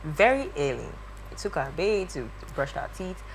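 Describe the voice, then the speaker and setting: Young woman, low-pitched, very expressive, acts out voices. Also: normal speed, gravelly, slight background noise. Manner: lively, acts out quoted voices. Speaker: guest. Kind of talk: animated storytelling.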